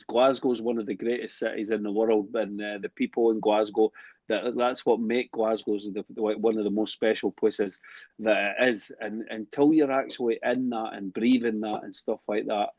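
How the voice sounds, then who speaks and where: A man's voice: fairly low pitch, fairly even intonation, normal speed, a little mellow, no room sound, highs cut off. A man talking heatedly about football on a podcast, ranting and frustrated. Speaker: podcast co-host. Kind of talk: casual football chat.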